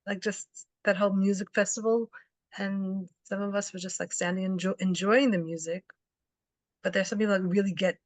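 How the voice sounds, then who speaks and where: A woman sharing a memory in a casual, relaxed chat. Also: mid-range voice, no room sound. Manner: relaxed, chatty recollection.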